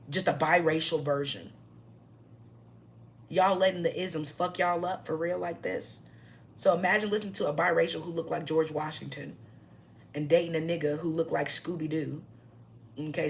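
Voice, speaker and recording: A woman's voice: deep voice, a little hiss or hum. A young adult woman ranting to camera in a blunt, mocking, profane way, often tagging her points with "okay?". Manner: repeats "okay?" as a tag. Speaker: vlogger.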